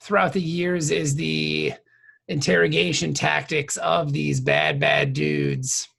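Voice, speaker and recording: A man's voice: fairly high pitch, lively intonation, slow, vocal fry, a bit bright, breathy edge. A man co-hosting a podcast in casual chat, joking as he recaps the episode. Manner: joking, recaps plot with acted quotes. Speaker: podcast co-host.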